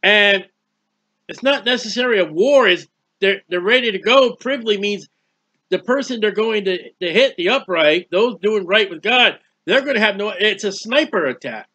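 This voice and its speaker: A man's voice: high voice, expressive, moderate pace, bright, forceful tone. A man giving a conversational Bible teaching, plain-spoken, repeating phrases and firing rhetorical questions. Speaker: preacher.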